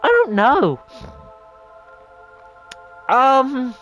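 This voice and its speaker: Woman vlog host, casual exasperated rant, lots of swearing, slightly high voice, soft music underneath. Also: very animated, very slow, poor audio. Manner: rambling, profane, exasperated. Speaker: channel host. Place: home room.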